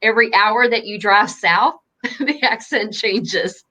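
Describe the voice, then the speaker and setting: A woman's voice: mid-range voice, takes it slowly, bright, forceful tone. A woman from Southern Indiana with a Southern Indiana accent, a guest chatting easily with lots of laughs and fillers. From Southern Indiana, United States. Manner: giggly, easygoing, many fillers. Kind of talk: casual chat.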